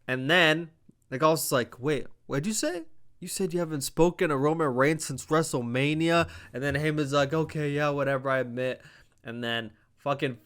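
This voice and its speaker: A young man casually recapping a wrestling show, rambling, swearing often and jumping into animated voices when he quotes people. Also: fairly high pitch, moderate pace, clean tone. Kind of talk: casual chat.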